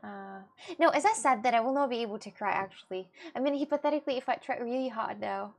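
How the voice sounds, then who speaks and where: Giggly woman streamer with vocal fry. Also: a little high, fast talker. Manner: chatty and giggly, rambling with restarts. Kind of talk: casual livestream chat with viewers.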